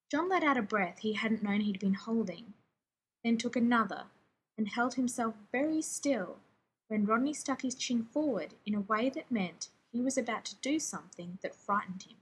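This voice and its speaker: A woman narrating a story aloud in a steady, expressive reading. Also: on the high side, moderate pace, husky, poor audio. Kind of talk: fan fiction audiobook reading.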